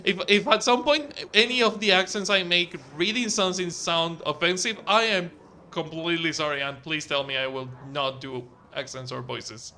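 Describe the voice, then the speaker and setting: A man's voice: on the high side, normal speed, pushed and bright, a little hiss or hum. A man giving casual, rambling gameplay commentary, with frequent swearing and restarts. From outside the US. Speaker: let's play host.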